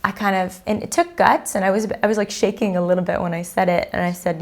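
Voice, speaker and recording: A woman's voice: mid-range voice, fairly even intonation, fast talker, a little mellow. A woman in her thirties, a prenatal class teacher, talking openly and reflectively in an interview, with many fillers. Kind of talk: candid interview conversation.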